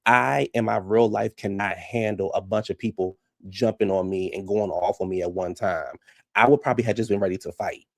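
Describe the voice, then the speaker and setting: A man giving casual, profane reaction commentary on a reality show, blunt and animated, often laughing. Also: on the low side, brisk, gravelly, no echo, studio quality.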